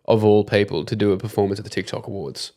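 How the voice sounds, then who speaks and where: A male comedian chatting as a podcast guest in a dry, deadpan way. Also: lowish voice, quick pace. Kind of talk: casual chat.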